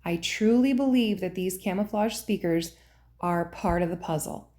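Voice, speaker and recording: A woman's voice: fairly low pitch, moderate pace, warm tone. A woman hosting and narrating in an earnest, conspiratorial scripted style. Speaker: host and narrator.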